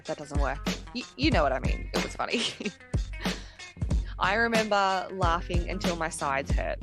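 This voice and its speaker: A chatty, self-mocking woman in her thirties reads a scripted podcast piece. Her voice sits a little low, and music plays clearly behind her throughout. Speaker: podcast host. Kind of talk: scripted segment read to mic.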